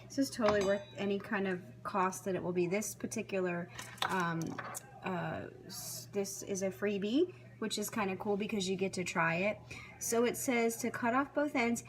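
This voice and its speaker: A woman's voice: medium pitch, moderate pace, slight background noise. A woman talking casually to the camera as she chops vegetables and cooks at home, thinking aloud as she follows a recipe. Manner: chatty, thinking aloud while chopping. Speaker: home cook. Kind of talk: casual cooking vlog narration. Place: home kitchen. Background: clatter of knives, dishes and pans.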